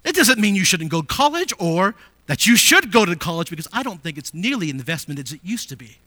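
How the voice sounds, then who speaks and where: High, bright-voiced male preacher. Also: sing-song, quick pace, dry recording. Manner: rising to emphatic declarations, then dropping to quiet asides; asks the congregation rhetorical questions. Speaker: pastor. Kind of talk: sermon.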